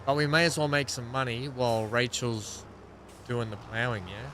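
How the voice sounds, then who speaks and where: A man's voice: mid-range voice, fairly even intonation, normal speed, noisy background. A man hosting a live gaming stream, chatting casually and greeting viewers by name as he plays. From Australia.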